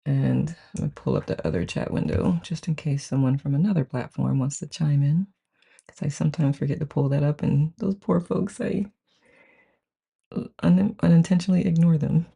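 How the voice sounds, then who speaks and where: Chatty and effusive, the host of a live book-study group greets each viewer by name on a live stream and reads the chat aloud with gushing enthusiasm, often saying "I love it." The medium-pitched voice is creaky and mellow with a breathy edge, at a moderate pace.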